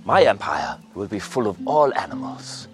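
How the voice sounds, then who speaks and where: A theatrical, goofy imaginary dictator in a film, coaxing and swooping in pitch. His voice leaps high and drops low, with faint score music under it. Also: sing-song, moderate pace. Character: goofy, flamboyant imaginary dictator friend, adult man. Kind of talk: film dialogue.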